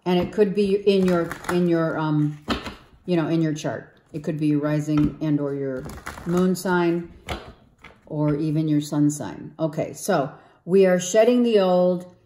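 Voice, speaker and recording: A woman giving a spiritual tarot reading, coaxing her listener and often checking in with "okay" and "right", her voice going hoarse. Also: low voice, unhurried, warm tone, echoey room, a little hiss or hum. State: losing her voice. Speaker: tarot reader.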